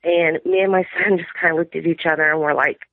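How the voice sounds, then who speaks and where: A woman's voice: low-pitched, steady tone, brisk, no room sound. A middle-aged woman calling in, rambling through a long story and quoting her family in dialogue. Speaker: caller sharing an encounter. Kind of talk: phone-in storytelling. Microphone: phone. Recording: tinny dry phone line.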